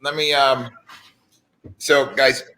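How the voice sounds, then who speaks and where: A man's voice: medium pitch, little pitch movement, takes it slowly, bright, forceful tone, a little hiss or hum. A man hosting a live stream, chatting casually with his guest and wrapping up the segment. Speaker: host, company CEO.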